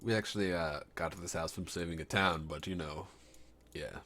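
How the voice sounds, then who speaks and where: A man's voice: sits low, brisk, sharp tone. A man playing a tabletop game, joking and playful. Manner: joking, playful, jumps into comic voices. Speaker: player. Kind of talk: casual tabletop play.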